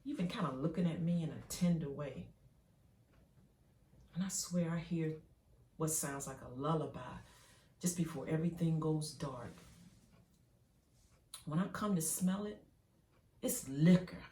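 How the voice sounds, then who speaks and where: A woman performing an intense dramatic monologue, swinging from hushed to loud as she tells it. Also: low voice, unhurried, pauses often, a little hiss or hum. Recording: roomy, from a distance.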